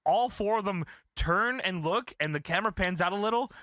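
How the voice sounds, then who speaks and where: A man's voice: high voice, a little fast, no room sound, studio quality. A man casually retelling a wrestling storyline, laughing often, swearing, and acting out the lines. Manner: animated, laughing often, swears, acts out quotes. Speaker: co-host recapping wrestling.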